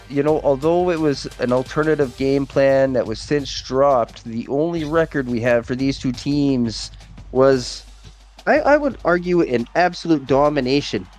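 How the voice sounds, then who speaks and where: A man doing casual play-by-play commentary on a video game league stream, relaxed and joking, still getting over a cold. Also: mid-range voice. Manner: relaxed, jokey, rambling. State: recovering from a cold.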